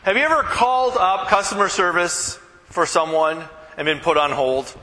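A man preaching a casual, conversational sermon, animated and joking with the congregation. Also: high-pitched, normal speed, big-room sound, poor audio. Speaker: pastor.

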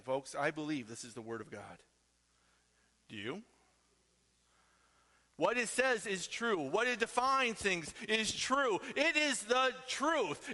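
A middle-aged male pastor with a high, bright, ringing voice preaches emphatically, tossing out rhetorical questions to his congregation. His words trail off into the long reverb of a large church hall. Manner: emphatic, peppered with rhetorical "right?". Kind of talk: sermon.

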